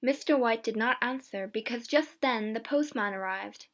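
Woman narrating a storybook, slow and clear, kinda high voice. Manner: slow, clear, simple reading. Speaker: reader.

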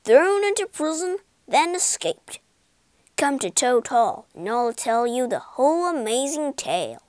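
Storybook toad, male, vain and blustering, voiced a little low by a woman. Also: huge pitch swings, very slow, dry recording, full character voice. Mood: boastful. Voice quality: pompous, blustering. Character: boastful vain male toad, pompous and excitable.

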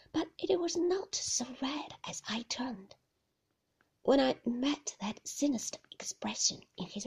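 A woman narrating a classic novel in a hushed, slow storybook reading. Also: fairly high pitch, slightly rough.

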